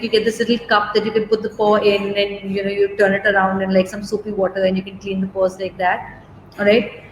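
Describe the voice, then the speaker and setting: A woman, a dog groomer giving a relaxed live demo and answering questions, chatty and reassuring, often checking "okay?". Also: medium pitch. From India. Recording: roomy echo, faint background noise.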